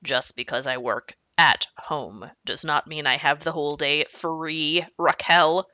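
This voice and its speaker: A woman's voice: low-pitched, fairly even intonation, unhurried, sharp tone, no echo, muffled recording. A woman voicing a grumpy, stubborn middle-aged father in a children's book read aloud, speaking stern and clipped.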